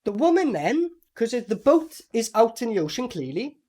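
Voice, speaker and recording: A man casually reviewing a film with a co-host, animated and mocking, swearing often. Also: extremely high pitch, normal speed. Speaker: movie reviewer. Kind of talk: casual movie review chat.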